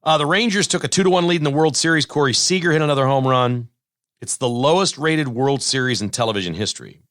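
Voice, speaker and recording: A man hosts a sports talk show and delivers blunt, scolding, sarcastic commentary. His voice sits at a middle pitch and sounds dry and close to the mic. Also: quick pace, fairly bright tone, no room sound.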